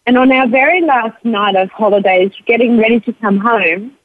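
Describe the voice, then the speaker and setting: A woman's voice: a little high, moderate pace, no echo. Australian grandmother telling stories over a phone line. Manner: warm anecdotal storytelling, quoting others with lifted voice. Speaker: guest, charity founder. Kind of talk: storytelling interview answer. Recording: dry tinny phone line.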